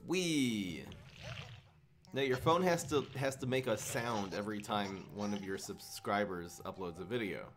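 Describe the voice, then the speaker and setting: A man's voice: lowish voice, normal speed, few pauses, noisy background. A man from Minnesota streaming a card game, joking and talking to his viewers in casual commentary. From Minnesota, USA. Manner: playful, jokey, talks to viewers, frequent laughs. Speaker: gaming streamer.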